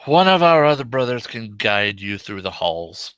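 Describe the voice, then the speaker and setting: A man's voice: fairly low pitch, big pitch swings, normal speed, a bit bright, smooth, dry recording, low-quality recording. A man voicing the courteous male leader of an underground brotherhood, speaking politely and formally.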